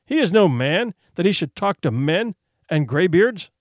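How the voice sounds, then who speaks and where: Scornful hunters of a tribe, read by a man, dismissive, fairly high lively voice. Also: a little slow, no echo, studio quality. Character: scornful group of grown male hunters.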